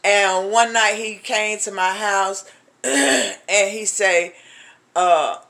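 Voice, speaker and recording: Woman preaching her own story, bright voice, real colloquial, acts out everybody's voices. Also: mid-range voice, slow. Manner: emphatic, addresses listeners as honey. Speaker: ministry speaker giving testimony. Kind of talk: personal testimony talk.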